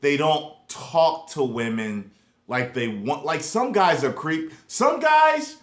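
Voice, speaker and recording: A young adult man vlogging in a casual, profane rant, swinging between loud emphasis and low mumbled asides. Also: sing-song, slow. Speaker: YouTube vlogger. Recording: echoey room.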